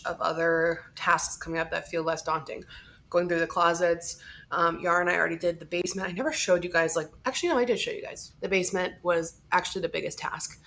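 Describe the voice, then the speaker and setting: A woman's voice: lowish voice, fairly even intonation, fast talker, fairly bright tone. A woman vlogger chatting casually and rambling to her viewers. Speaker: lifestyle vlogger. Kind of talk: casual vlog chat.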